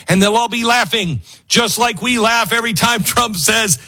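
A man hosting a political talk show, giving sarcastic, animated commentary and mimicking people he quotes. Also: high-pitched, moderate pace, few pauses, slightly rough.

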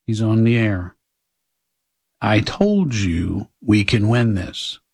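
A man's voice: expressive, takes it slowly, vocal fry, a little mellow, breathy edge. A man hosting a political talk show, delivering a blunt, lecturing monologue to his listeners. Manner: blunt, lecturing, mocks people in high put-on voices.

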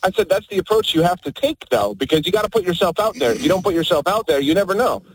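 A man calling in to a radio show, relaxed and upbeat. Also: high voice, quick pace, a little hiss or hum, rough recording. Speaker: caller. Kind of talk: phone-in chat.

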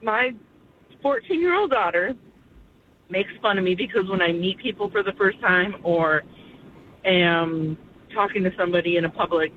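A woman's voice: fairly low pitch, expressive, moderate pace, pauses often. A woman calling in to a radio show, chatting about her teenage daughter. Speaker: caller. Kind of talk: phone-in chat. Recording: tinny phone line with hiss.

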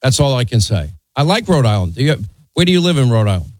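A man's voice: mid-range voice, very animated, fast talker, a little mellow, no echo, low-quality recording. Male talk radio host, blunt and opinionated, teasing callers, dry close sound. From New York. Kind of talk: talk radio, taking calls.

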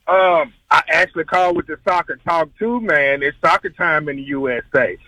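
A man's voice: on the high side, pushed and bright, no echo, rough recording. A man from Memphis, calling into a sports radio show to chat playfully. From Memphis, US South. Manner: chatty, playful, fast-talking. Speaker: caller.

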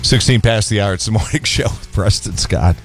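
A man's voice: lowish voice, a little fast, faint music behind. A man hosting a radio morning show, rambling and joking through casual banter with lots of restarts.

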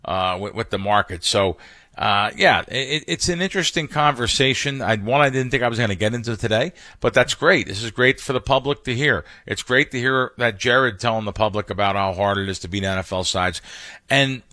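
A man's voice: mid-range voice, brisk, bright, forceful tone, no echo, clean studio sound. A man, a professional sports bettor, talking casually on a podcast, often restarting and stumbling over his words as he explains things with emphatic anecdotes.

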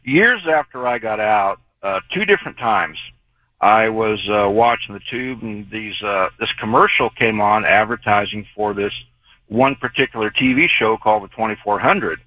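A man's voice: fairly low pitch, moderate pace, bright, forceful tone, rough recording. A man calling in to a radio show, telling his stories in a rambling, earnest way. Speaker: caller. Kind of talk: call-in storytelling.

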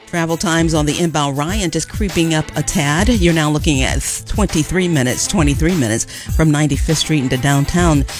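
A woman reading a scripted radio traffic and weather report in a smooth, brisk announcer manner. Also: deep voice, darkish tone. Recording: radio broadcast with music underneath. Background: music bed.

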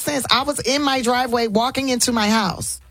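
A woman's voice: on the high side, a little fast, noisy background. A woman talking as an interview guest in casual chat, telling stories bluntly in slang and laughing as she goes. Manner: blunt, colloquial storytelling with slang; animated, laughing storyteller.

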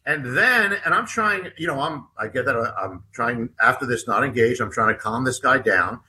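A man's voice: medium pitch, animated, moderate pace, sharp tone, a little hiss or hum. A man guesting as an author on an interview show, telling a personal story in a rambling way with many restarts and repeated words.

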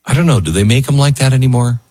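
A man's voice: mid-range voice, fast talker, darkish tone. A man hosting a talk show, speaking in an earnest, heartfelt, wandering way. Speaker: radio show host. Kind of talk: emotional talk radio monologue.

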